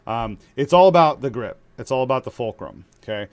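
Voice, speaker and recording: A man who is a father of young children, teaching drums in a relaxed, chatty way with many fillers and restarts. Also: mid-range voice, a little fast, clean tone. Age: young adult to middle-aged, father of young kids. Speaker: drum teacher. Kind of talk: casual spoken drum lesson.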